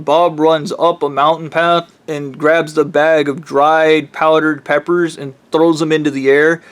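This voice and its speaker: Profane, rambling male storyteller. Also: fairly high pitch. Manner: profane, blunt.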